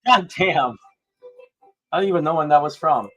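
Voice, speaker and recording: A man hosting a casual livestream, excitable and prone to swearing, swinging between hyped outbursts and low mumbling. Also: normal speed, soft background music. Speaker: livestream host.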